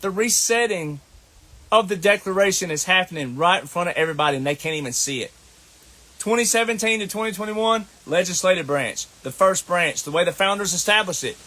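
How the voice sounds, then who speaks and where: A man's voice: high voice, expressive, brisk, sharp tone. A man with a Southern US accent delivering a scolding, combative monologue as an online commentator, repeating his points. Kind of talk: ranting monologue to camera.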